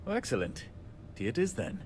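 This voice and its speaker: A man's voice: medium pitch, huge pitch swings, brisk, a little mellow, slight background noise. A wry, short-tempered handyman. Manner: wry, joking, self-deprecating. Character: irritable self-deprecating male handyman, joking. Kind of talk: video game character dialogue.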